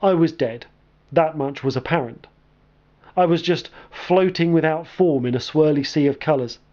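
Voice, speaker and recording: A man reads a comic story aloud with dry, deadpan wit. His voice sits fairly high for a man. The recording is muffled and lo-fi. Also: normal speed. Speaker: storyteller and game reviewer. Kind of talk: scripted comic narration.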